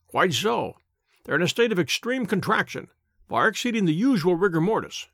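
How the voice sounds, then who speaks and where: A man voicing a sharp-witted detective in an audiobook, speaking quietly, dryly and precisely. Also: high-pitched, sing-song, moderate pace, no echo, studio quality, full character voice. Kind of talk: audiobook character voice.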